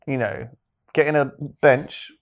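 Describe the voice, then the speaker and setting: A man's voice: medium pitch, measured pace. A man co-hosting a casual comedy chat, joking and laughing often. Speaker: podcast co-host. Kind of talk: casual banter.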